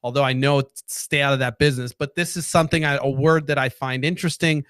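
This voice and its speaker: A man's voice: mid-range voice, steady tone, fast, a bit bright, clean tone, dry recording. A man hosting his own political commentary show, ranting casually in a profane, rambling and sarcastic way. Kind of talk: casual solo rant to camera.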